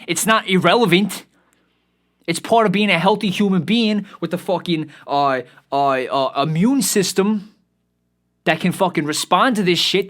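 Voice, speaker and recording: Young male podcast host, slightly high voice, profane heated rant full of restarts. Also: fairly bright tone. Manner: heated, swears constantly, repeats and restarts.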